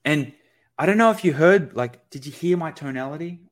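A man speaking as a sales expert guest in a conversational podcast, energetic and acting out sales-call dialogue. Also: on the high side, brisk.

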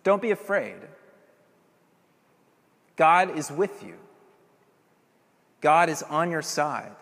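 A male preacher gives an evening sermon with earnest emphasis, driving his points home through rhetorical questions. His voice is a little high for a man and fairly bright, slow, with big pitch swings. A long reverb trails each phrase, like in a church hall.

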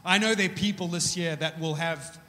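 A man preaching a sermon in a church, casual and joking, telling stories with animated energy. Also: fairly high pitch, moderate pace. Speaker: pastor. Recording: echoey church hall.

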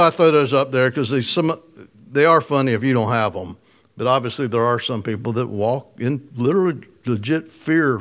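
A man's voice: mid-range voice, a bit bright. A man preaching a casual, conversational sermon, chuckling often and putting questions to his listeners. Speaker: pastor.

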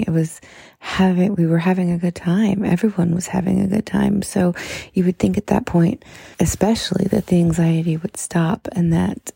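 A woman hosting a podcast, talking casually and then leading a calm, soft-spoken guided breathing meditation with slow pauses. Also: fairly low pitch, vocal fry, slightly rough, no echo, studio quality.

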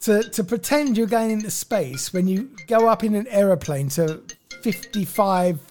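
A woman's voice: mid-range voice, expressive, moderate pace, mellow, soft background music. A woman co-hosting a podcast, outspoken and ranting in casual chat. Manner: outspoken, ranting, conspiracy-minded. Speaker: podcast co-host.

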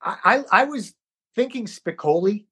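A man's voice: high voice, normal speed, husky. A middle-aged man from New York, an actor guest, telling stories in a casual interview and acting out the voices of people he quotes. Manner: animated, acts out quoted voices.

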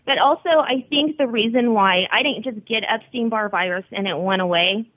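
A woman's voice: on the high side, moderate pace, no echo. Woman, phone interview guest, earnest, encouraging, tinny phone line, dry. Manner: earnest, encouraging, speaks plainly. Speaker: guest, wellness site founder. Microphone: telephone.

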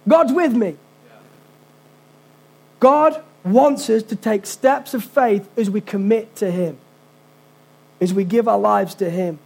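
A man's voice: very high voice, vocal fry. A man preaching a sermon as pastor, earnest and conversational, with casual asides to the congregation.

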